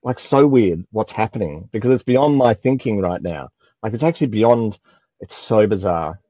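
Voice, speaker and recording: An Australian man speaks in a low, mellow voice, emotional and often searching for words as he describes a spiritual experience. The audio is dull and dry, with no room sound. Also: expressive, normal speed, no echo. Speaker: guest. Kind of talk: spiritual conversation.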